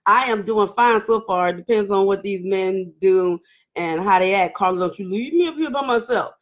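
A woman's voice: mid-range voice, moderate pace, muffled recording. A woman hosting a casual live-stream chat, greeting viewers by name and laughing often as she talks. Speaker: livestream host.

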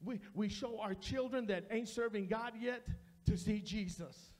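High-voiced male pastor preaching. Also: unhurried. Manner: repetitive preaching cadence; addresses the congregation directly. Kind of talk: sermon. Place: church sanctuary.

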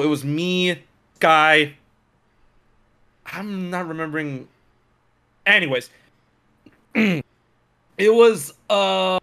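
A man with a high-set voice tells a casual story, acting out other people's quoted lines with animated jumps in tone. His sound is bright and forward, and his speech is loose and full of fillers. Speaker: streamer and content creator.

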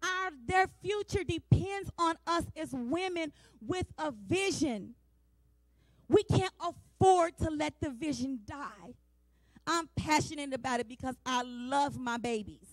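A woman in her forties delivers a sermon with fervent, emphatic repetition, speaking in a plain, down-to-earth way straight to her listeners. Her voice sits high, and the sound is close and dry with no room around it. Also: expressive, unhurried, no room sound. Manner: passionate, emphatic preaching with repeated refrains; colloquial, talks straight to the congregation. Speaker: women's day speaker.

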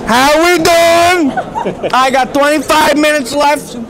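A man's voice: very high-pitched, slow pace. A young man with a New York accent, joking and laughing through a casual vlog at a busy restaurant. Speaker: challenge contestant. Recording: loud crowd chatter behind.

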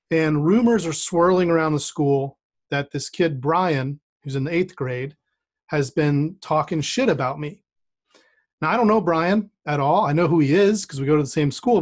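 A man telling a personal story on a streamed storytelling show, chatty and self-deprecating, with many restarts. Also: a little high. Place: remote setup with a rained-on playground backdrop.

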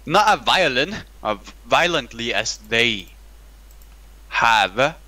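Bright-voiced young guy joking around. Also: medium pitch, very animated, slow, rough recording. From Denmark. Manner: joking, rambling, swears and laughs often. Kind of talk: casual gaming chat with a friend.

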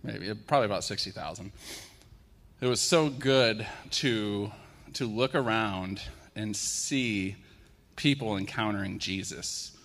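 Emotional preacher with a gravelly voice. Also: male voice, on the low side, takes it slowly. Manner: emotional, tender, soft-spoken. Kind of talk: sermon with worship prayer. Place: church sanctuary. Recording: long hall reverb in church.

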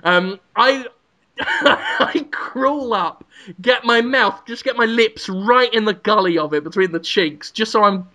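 A young man with a bright, forceful voice, spinning a crude comic bit on a podcast. He giggles as he talks and throws himself into the joke. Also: high-pitched, animated, slow. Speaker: podcast co-host. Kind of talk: comic riffing.

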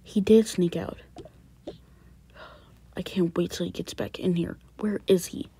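A woman voicing a stern, worried father who scolds his teenage son in hushed late-night whispers, in a one-person family skit. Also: mid-range voice, level tone, normal speed, lightly acted. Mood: exasperated.

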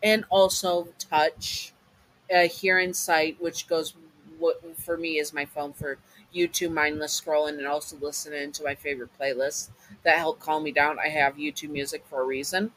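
A man reading a fan fiction comfort story aloud in a casual way, halting often to restart and apologize. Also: on the high side, flat delivery, a bit bright, rough recording.

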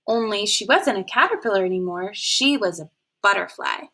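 Lively, breathy woman reading to children. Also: medium pitch, normal speed. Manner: animated, asks the children questions. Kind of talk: picture-book read-aloud.

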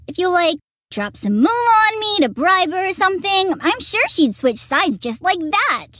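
Super high bubbly little girl voice, sweet and eager, bounces all over. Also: big pitch swings, normal speed, fairly bright tone, no room sound, clean studio sound, heavily acted. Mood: persuasive. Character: sweet, eager young girl with a keen nose. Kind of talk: video game voice acting.

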